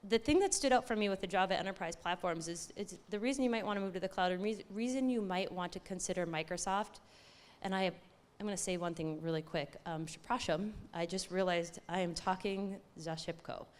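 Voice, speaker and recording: A woman giving an excited, chatty conference talk, often correcting herself as she goes. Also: on the low side, fairly quick, clean tone. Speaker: conference speaker.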